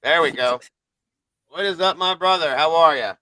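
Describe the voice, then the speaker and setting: A man's voice: fairly high pitch, moderate pace, sharp tone, a little hiss or hum, low-quality recording. A man hosting a live stream, chatting casually with guests and checking each one in. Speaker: livestream host.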